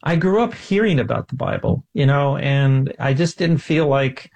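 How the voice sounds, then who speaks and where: A man's voice: mid-range voice, moderate pace, vocal fry, a little mellow, lo-fi sound. A man speaking as a guest in an interview, earnest and self-deprecating, telling a personal story with enthusiasm. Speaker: guest, scientist.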